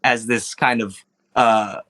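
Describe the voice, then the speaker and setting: A man's voice: medium pitch, fairly even intonation, takes it slowly, bright, forceful tone. A man as dungeon master, recapping the last session for his players in a loose, casual way, full of ums and swearing. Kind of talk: recapping a tabletop game for players.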